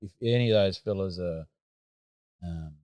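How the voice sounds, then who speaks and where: Australian man, podcast host, very deep voice, halting and hesitant. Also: dark tone, no echo. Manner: halting, hesitant, searching for words. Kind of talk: casual interview.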